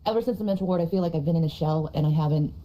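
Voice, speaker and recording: A woman's voice: deep voice, racing, mellow, slight background noise, poor audio. A woman co-hosting a livestream, mostly agreeing in short, casual replies. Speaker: livestream co-host.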